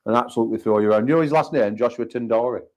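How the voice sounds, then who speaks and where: A British man, an arm wrestling promoter, hosting a casual livestream chat full of banter and quick joking asides, often repeating himself. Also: medium pitch, a little mellow, dull audio. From United Kingdom.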